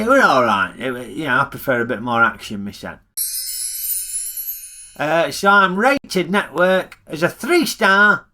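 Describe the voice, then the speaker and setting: A man's voice: high voice, pushed and bright. A middle-aged man with a Northern English accent giving blunt, grumbling film reviews in a comic character vlog.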